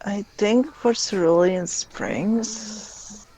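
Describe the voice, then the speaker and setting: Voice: medium pitch, very slow, dark tone, a little hiss or hum. A young adult guest chatting casually on a stream, playful and laughing often. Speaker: guest player.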